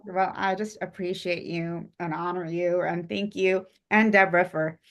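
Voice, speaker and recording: A woman's voice: fairly low pitch, level tone, normal speed. A woman co-hosting a live-stream chat, rambling with lots of fillers and speaking in an effusive, heartfelt way. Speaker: co-host presenting spiritual interview series.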